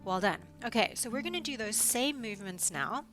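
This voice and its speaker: A woman physiotherapist calmly guiding a neck mobility routine, cueing each movement step by step and encouraging as she goes. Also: fairly high pitch, brisk, music in the background. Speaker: physiotherapist instructor. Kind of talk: guided exercise instruction.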